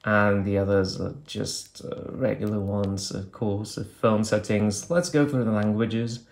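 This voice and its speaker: A man's voice: fairly low pitch, fairly even intonation, measured pace, gravelly, darkish tone. A man reviewing an old phone, talking casually and thinking aloud with hesitant fillers as he clicks through menus. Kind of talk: casual hands-on product demo.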